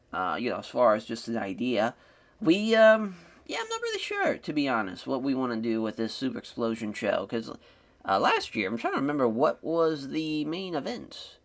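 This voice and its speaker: A man talks through his game in a loose, rambling way. His pitch jumps all over the place as he chats. It sounds like relaxed commentary from a channel host. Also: gravelly. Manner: rambling and conversational, with lively swings in pitch. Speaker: host of a wrestling sim let's-play channel.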